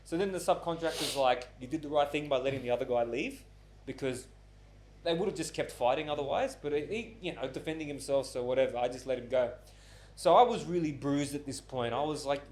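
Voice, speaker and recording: Casual male podcast host, twenties to thirties, animated storyteller, swears a lot, middle pitch. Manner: animated storyteller who acts out quoted voices, swears often.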